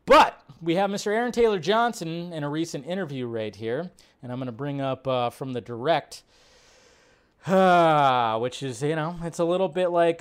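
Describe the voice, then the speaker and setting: A man hosting a casual live film news stream, talking in a rambling, chatty way and stopping often to react to the headlines he reads. His voice sits a little high for a man and comes across smooth and clear. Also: expressive. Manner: casual and quick, many fillers and restarts.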